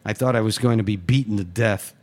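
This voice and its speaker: A man, a writer, reading his own first-person short story aloud in a steady, matter-of-fact way. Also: on the low side, quick pace.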